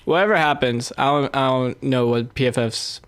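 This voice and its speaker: A young man in a casual sports chat, his voice recorded dry and close with no room sound. He talks in a measured way, leaning on fillers as he works through his points. His pitch sits in the middle for a man. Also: fairly bright tone, clear, resonant tone, dry recording. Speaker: podcast co-host.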